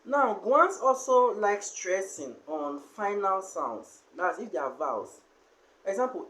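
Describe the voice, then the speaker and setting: Slow, halting language teacher. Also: mid-range voice, big pitch swings, a bit bright, low-quality recording. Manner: explains slowly with many fillers and pauses. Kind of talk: spoken language lesson.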